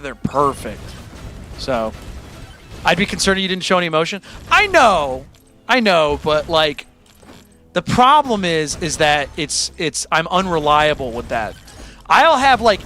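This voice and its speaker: A man's voice: fairly high pitch, bright, forceful tone. A man hosting his own music livestream, chatting candidly and self-deprecatingly with his audience in a rambling way. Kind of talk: casual chat to a live audience.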